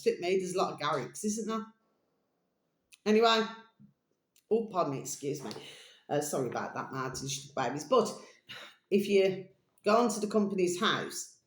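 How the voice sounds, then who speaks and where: English woman, rambling chat, fairly low voice, roomy echoey sound. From England. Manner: chatty, meandering, calls listeners "my delicious babies". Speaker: channel host. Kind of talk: rambling casual monologue. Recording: roomy echoey home room.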